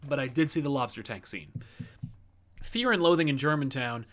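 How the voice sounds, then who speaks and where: On a comic book livestream, the host reads out messages from viewers in a casual, meandering way, stumbling through fillers and restarts. His medium-pitched voice is expressive and fairly bright, at normal speed.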